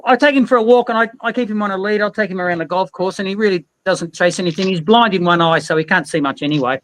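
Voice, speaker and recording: A man's voice: sits high, quick pace, a bit bright, no room sound, poor audio. A man chatting casually on a livestream, easygoing and a little hesitant. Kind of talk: casual live chat.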